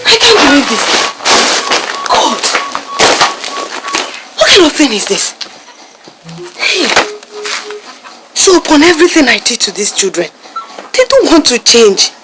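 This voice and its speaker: A woman's voice: very animated, a little slow, long pauses, heavy background noise. An actress with a Nigerian English accent playing a hot-tempered young woman who scolds her little brothers and calls on God. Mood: angry. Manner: shrill scolding, exclaiming to God. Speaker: elder sister Juliana. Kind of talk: Nollywood film acting. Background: film score music.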